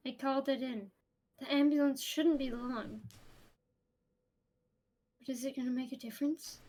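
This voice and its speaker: A woman reading aloud the lines of a shaken young man who is trying to stay calm, voicing him in earnest. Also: high voice, moderate pace. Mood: stunned. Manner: reads game text aloud, earnest and stunned.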